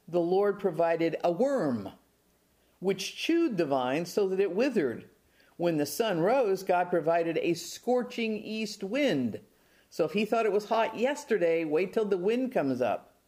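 A man's voice: high-pitched, darkish tone. A man preaching a sermon, reading scripture and retelling it with folksy, self-deprecating asides.

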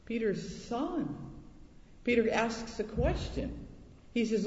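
A man preaching a sermon, telling a personal story and acting out quoted voices with lively pitch jumps. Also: slow, pauses often. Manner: animated, acts out quotes in high voices. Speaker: pastor. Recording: echoey hall, dull lo-fi sound.

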